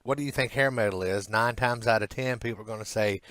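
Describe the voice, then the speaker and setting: A man's voice: fairly low pitch, fast talker, fairly bright tone, no room sound. Joking man on a rock podcast. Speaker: podcast co-host. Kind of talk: casual rock chat.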